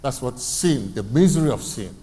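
In a church hall, a man preaches a sermon in a mellow, mid-range voice with lively intonation and a moderate pace. He poses questions to the congregation and repeats his key phrases. The recording carries long hall reverb and faint ambience.

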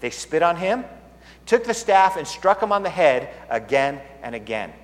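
Man, preacher, sermon, rhetorical questions, lively pitch swings, reverberant hall. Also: moderate pace. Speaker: pastor. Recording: echoey hall.

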